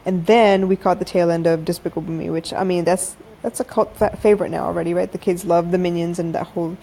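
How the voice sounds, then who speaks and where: A woman's voice: lowish voice, steady tone, fast, mellow. Chatty woman hosting a late-night podcast. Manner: chatty, frank, addresses listeners as y'all. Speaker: podcast host. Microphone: phone-recorded live audio.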